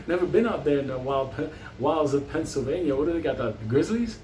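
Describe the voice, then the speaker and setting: A man's voice: on the high side, lively intonation, a little fast, darkish tone, slight background noise. A man telling a long comic story from his life, rambling and swearing constantly. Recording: roomy, distant mic.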